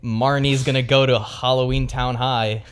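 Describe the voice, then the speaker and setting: A man's voice: mid-range voice, fairly even intonation, measured pace, smooth. A young man co-hosting a casual film review podcast, joking, laughing often and arguing playfully. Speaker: podcast co-host.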